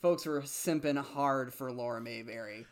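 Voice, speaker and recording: Young male podcast co-host, chatty and loose, lots of fillers, mid-pitched voice. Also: normal speed. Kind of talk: casual chat.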